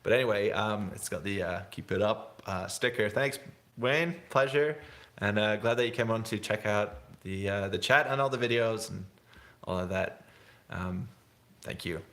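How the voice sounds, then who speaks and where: A young man from England chats casually on a livestream. His voice sits fairly low, and he talks in a rambling, laid-back way. He laughs often and calls people dude. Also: normal speed, a bit bright. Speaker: snowboard vlogger hosting a livestream. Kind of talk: casual live-stream chat.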